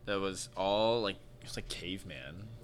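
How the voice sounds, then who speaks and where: A man's voice: sits low, normal speed, a little hiss or hum. A man in his twenties, a cooking creator, chatting casually as a podcast guest in a dry, laid-back way and swearing offhandedly.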